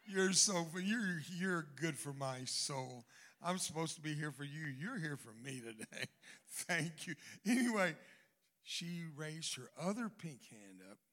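An older man with a Southern American drawl, preaching as a guest speaker. His voice sits a bit high for a man. He tells his story dramatically, dropping almost to a murmur and then rising to loud, punchy lines with quick jokes thrown in. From Southern United States. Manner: dramatic, swings from hushed to loud, joking asides. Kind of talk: storytelling sermon.

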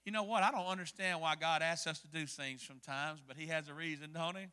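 A man preaching a sermon, telling a story with dramatic swings between hushed and loud delivery. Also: fairly high pitch, fairly even intonation, fast talker, clean tone, long reverb tail. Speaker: pastor.

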